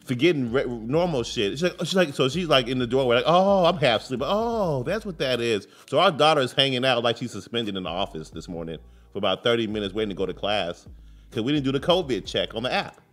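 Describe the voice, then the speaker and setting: Animated, profane man telling stories. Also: medium pitch, fast talker. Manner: animated, profane, mimics voices in anecdotes. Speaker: co-host. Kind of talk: casual talk-show storytelling.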